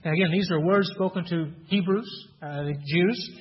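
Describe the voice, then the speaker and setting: A man's voice: high-pitched, moderate pace. A man preaching a sermon in an earnest teaching tone, asking rhetorical questions and reading scripture aloud. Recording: dull sound with long hall reverb.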